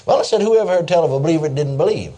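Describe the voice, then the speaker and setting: A man's voice: a little high, expressive, very fast, mellow. An older man preaching a sermon, telling stories in a folksy way and chuckling as he goes. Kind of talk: sermon with storytelling.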